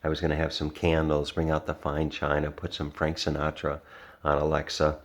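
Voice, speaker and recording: A man's voice: extremely low pitch, completely flat delivery, normal speed. A man vlogging, rambling through a personal story in a casual, earnest way with lots of restarts and fillers. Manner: earnest, reflective.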